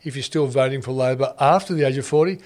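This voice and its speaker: A man's voice: medium pitch, quick pace, a little mellow. An Australian man co-hosting a talk show, bantering casually and introducing guests with jokes and frequent fillers. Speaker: co-host.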